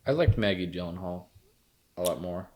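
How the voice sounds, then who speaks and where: A man co-hosting a podcast, reviewing films in casual chat and retelling scenes with lively quoted lines. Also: deep voice, normal speed. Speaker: podcast co-host.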